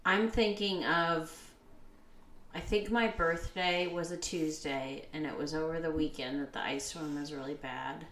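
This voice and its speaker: A woman's voice: low-pitched, steady tone, measured pace, a bit bright. A woman co-hosting a podcast at home, chatting casually in a dry, teasing way. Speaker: co-host. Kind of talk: casual chat. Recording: roomy, faint noise.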